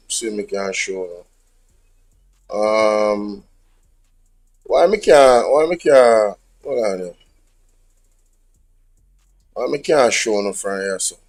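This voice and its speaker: A man with a Jamaican accent talking haltingly as a podcast guest while fiddling with his phone. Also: mid-range voice, a little mellow. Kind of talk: casual chat.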